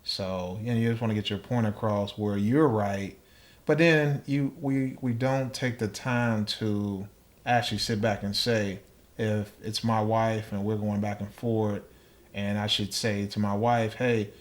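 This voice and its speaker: A man's voice: lowish voice, steady tone, unhurried. A man as a podcast guest, talking thoughtfully in casual chat and acting out small exchanges. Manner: thoughtful, acts out little dialogues.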